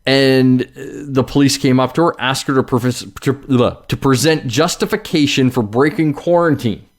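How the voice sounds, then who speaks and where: A man's voice: medium pitch, normal speed. A man hosting a casual podcast, telling news stories in a loose, swearing, joking way. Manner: swears casually, lively storytelling. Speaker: podcast host. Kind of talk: casual chat.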